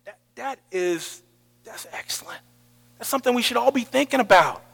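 A man preaching a sermon, swinging from loud calls to near-whispers. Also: very high voice, lively intonation, moderate pace, gravelly, long reverb tail.

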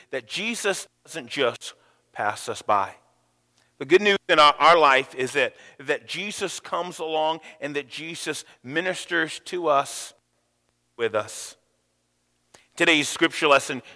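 A male pastor preaching a sermon, telling stories with sudden loud, animated rises. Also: on the high side, long reverb tail. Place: church sanctuary.

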